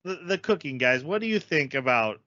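A man hosts a casual podcast chat in a bright, forceful voice. He rambles, doubling back on words and filling gaps with ums. The recording is dry and slightly dull. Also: fairly high pitch, animated, a little fast, dry recording. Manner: rambling, repeats words, frequent fillers. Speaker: podcast host.

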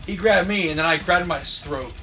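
Rowdy high-voiced man telling stories. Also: fast. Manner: rowdy, profane, laughing storyteller. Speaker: band vocalist. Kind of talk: casual storytelling interview. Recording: loud music playing behind.

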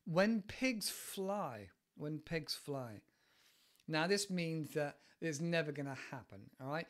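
A man with a West Country accent takes it slowly as he teaches idioms on his casual podcast, his fairly high voice animated. He's an English teacher who digresses freely and laughs often.

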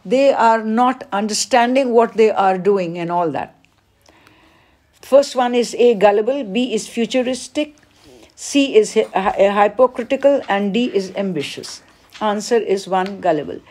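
A woman, teaching as she works through an exam paper, reading each question aloud and then explaining the answer with pauses. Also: medium pitch, darkish tone. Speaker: English teacher. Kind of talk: exam paper walkthrough lesson.

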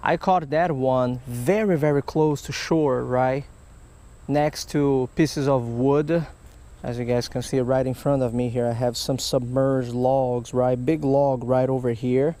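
A man's voice: mid-range voice, steady tone, measured pace, mellow. A man vlogging a fishing trip outdoors by a canal, explaining as he goes in a chatty way and checking in with "right?". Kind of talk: outdoor fishing vlog narration. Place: outdoors by a canal and creek on a hot day.

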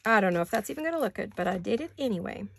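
A woman's voice: medium pitch, expressive, racing, gravelly, noisy background. A middle-aged woman chatting casually as she crafts, thinking aloud and laughing often. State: hiccuping. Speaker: craft vlogger. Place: home craft studio.

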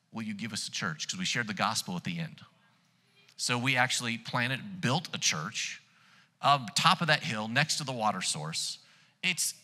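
A pastor tells stories from the pulpit with lively, building energy. His voice is very bright and cutting, set at an ordinary middle pitch for a man. The sound carries a long reverb from a church hall. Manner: animated storyteller, rising loud when excited. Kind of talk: sermon storytelling.

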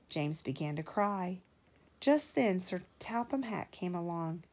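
A woman doing slow, gentle storybook reading. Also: fairly low pitch. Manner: slow and expressive, raising her voice for characters. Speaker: parent reading aloud. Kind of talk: storybook read-aloud with character voices.

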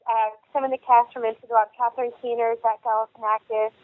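A woman guest in an interview, telling stories in a chatty, animated way with lots of fillers and acted-out quotes. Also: a little high, quick pace, no room sound. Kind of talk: casual storytelling in an interview. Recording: phone line.

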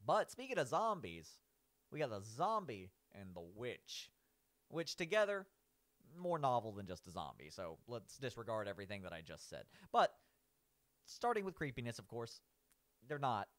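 A man's voice: medium pitch, wildly swooping pitch, moderate pace, a bit bright. A man giving casual, rambling commentary as he rates cartoon villains. He keeps saying "like", restarts his sentences and laughs at his own points.

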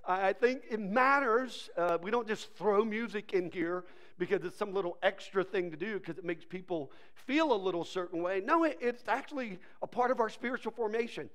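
A man's voice: high voice, normal speed, a bit bright. A man preaching a sermon as pastor, joking and acting out playful voices.

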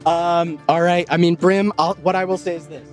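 A man running a tabletop game as game master, narrating with animated asides and frequent laughter. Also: a little high, normal speed, faint music behind.

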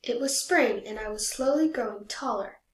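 A woman reads a children's picture book aloud, gentle and measured, her voice sitting a little high. The recording has a roomy echo around it. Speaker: storybook reader. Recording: echoey room.

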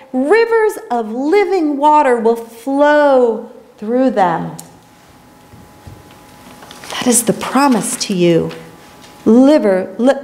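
A woman pastor giving an earnest, reflective sermon in a small church, telling a story along the way. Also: high-pitched.

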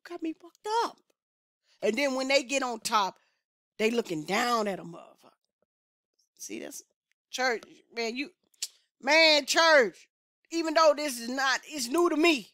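A woman hosts a music reaction vlog in a loose, excitable way, full of loud exclamations and quick laughs. Her voice sits fairly high with a sharp, bright edge. The sound is dry and close, with little room around it. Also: no echo. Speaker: music reaction channel host. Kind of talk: casual reaction vlog chat.

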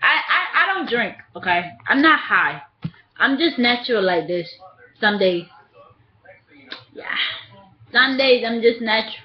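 A giggly young woman talks into her webcam in a high, lively voice that swoops up and down, drawing out her words slowly. She keeps slipping into playful sing-song. The sound is dull and lo-fi, like cheap webcam audio. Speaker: vlogger. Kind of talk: casual webcam vlog.

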